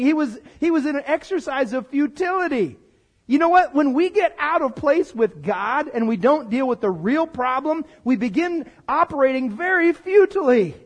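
A male pastor with a strikingly high voice delivers a lively sermon. He jokes with the congregation and asks them to answer back. He sounds middle-aged.

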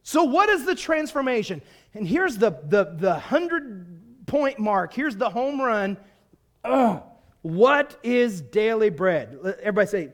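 A middle-aged man with a Virginian accent, a pastor preaching a sermon, jokey and animated, swinging from hushed to loud. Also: high-pitched, a little slow. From US East Coast. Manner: self-deprecating, jokey asides.

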